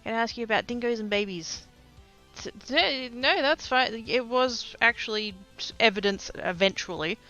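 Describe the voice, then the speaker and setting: An Australian woman chatting casually on a livestream while she crafts, rambling and often trailing off into quiet asides. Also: a little high, normal speed, dull audio, faint music behind. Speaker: streamer.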